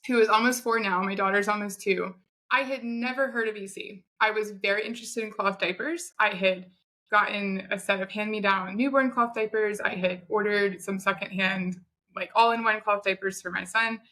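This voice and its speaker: A woman in her thirties, a podcast guest, telling her own story in a chatty, animated way. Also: mid-range voice, normal speed. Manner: chatty, animated retelling with quoted asides. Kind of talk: conversational storytelling.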